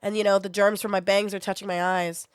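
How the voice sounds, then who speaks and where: A young woman streamer speaks in a smooth, mid-range voice with little pitch movement, no echo present. She has a sore throat and chats casually, venting bluntly with plenty of swearing.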